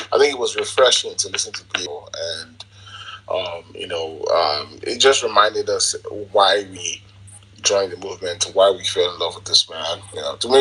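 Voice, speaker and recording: A man's voice: deep voice, bright, forceful tone, breathy edge, poor audio. A man speaking in an online audio room, enthusiastic and chatty and sometimes laughing as he talks. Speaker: participant in an online audio space. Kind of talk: casual chat.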